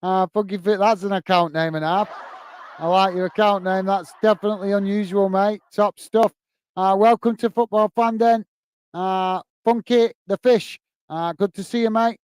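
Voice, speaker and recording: A man's voice: sits high, fairly even intonation, moderate pace, darkish tone, smooth, dry recording. A man from the UK hosting a football livestream, giving live match commentary and chatting with viewers, full of fillers and calling everyone mate. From United Kingdom.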